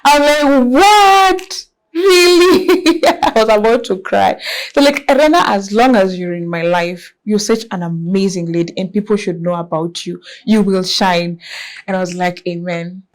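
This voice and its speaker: Expressive Kenyan woman telling her story. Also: on the low side, moderate pace. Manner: lively and expressive, mixes in Swahili words. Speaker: guest entrepreneur. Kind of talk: casual storytelling interview.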